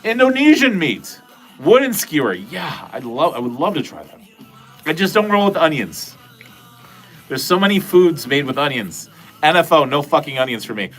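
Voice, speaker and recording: A man's voice: a little high, big pitch swings, moderate pace, a bit bright. A middle-aged man hosting a casual livestream, rambling, joking and swearing as he talks to his chat. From New England. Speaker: livestream host. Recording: faint music behind.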